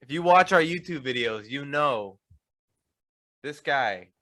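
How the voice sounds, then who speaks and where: A young man co-hosts a casual podcast with a lively, swooping voice. He teases his co-host and reacts playfully. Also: mid-range voice, slow.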